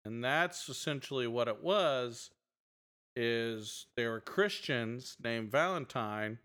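A man co-hosting a podcast in casual chat, answering agreeably and getting animated when he tells a story. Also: medium pitch. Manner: agreeable, quick back-channel replies, animated when telling stories. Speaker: podcast co-host.

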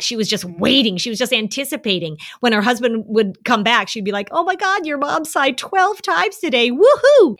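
A woman's voice: medium pitch, a bit bright. Lady host giving family advice, chatty storyteller, does little voices for people. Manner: storytelling, playful, acts out quoted voices. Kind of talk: casual advice talk to listeners.

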